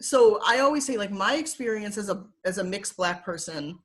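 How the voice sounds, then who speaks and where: A woman guest on a video call, chatting freely about her teaching days. Her voice sits at an ordinary middle pitch, and she talks in an animated way, packed with "like" and bursts of laughter. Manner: animated, filler-heavy with frequent "like" and quick laughs. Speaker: interview guest, former teacher. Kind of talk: casual conversational storytelling.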